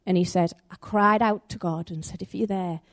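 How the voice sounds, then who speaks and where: A woman's voice: fairly low pitch, fairly even intonation, moderate pace. A woman preaching a sermon in a conversational way, telling a story and acting out the voices in it.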